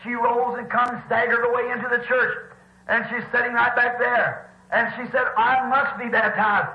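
A man preaching a storytelling sermon in a church, animated, rising to shouts with folksy grammar. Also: very high voice, normal speed. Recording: roomy, dull lo-fi old recording.

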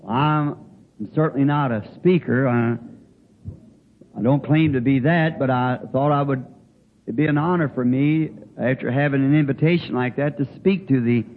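An older man preaching in a folksy way, telling a homespun story with halting restarts. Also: medium pitch. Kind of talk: folksy sermon anecdote. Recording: tinny phone-like old recording with faint hiss.

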